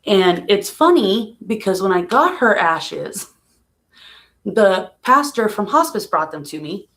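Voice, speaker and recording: A woman talks casually into a home live stream at an ordinary middle pitch. She is soft-spoken and emotional, and she slips into small laughs through her sadness. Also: big pitch swings, takes it slowly. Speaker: vlogger. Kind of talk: casual vlog, talking about grief.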